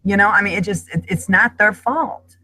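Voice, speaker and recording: A woman's voice: mid-range voice, moderate pace, pushed and bright, no room sound, low-quality recording. A middle-aged woman speaking as a guest in an emotional panel discussion, talking in an impassioned, emphatic way.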